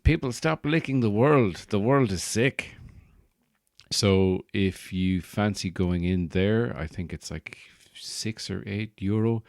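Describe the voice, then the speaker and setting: An Irish man with a low, darkish voice hosts a podcast, rambling through a jokey comic monologue and dropping into put-on accents. He's a podcast host and stand-up comedian, speaking casually for laughs. The studio-quality recording has no echo.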